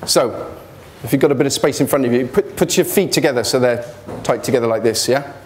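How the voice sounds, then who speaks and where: A man's voice: mid-range voice, brisk, a little hiss or hum. A man giving an informal motivational talk about his business failures, blunt and joking, speaking in a students' union hall.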